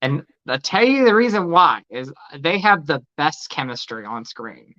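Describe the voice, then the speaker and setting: A man co-hosting a casual horror talk stream, excitable and gushing about films. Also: on the high side, normal speed, muffled recording. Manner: excitable, gasps, gushes. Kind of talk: casual chat.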